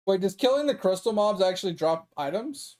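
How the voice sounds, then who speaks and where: A man's voice: high voice, lively intonation, fairly quick, darkish tone. A young man streaming a game, ranting in a heated, profane, exasperated way. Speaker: gaming streamer. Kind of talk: casual ranting commentary.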